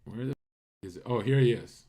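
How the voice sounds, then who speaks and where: A man's voice: medium pitch, fast talker, warm tone. A man hosting a casual livestream, reacting to clips and ranting at his chat in a blunt, mocking way, speaking into a condenser mic. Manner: blunt, mocking, rants at viewers. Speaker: livestream host. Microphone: USB condenser mic.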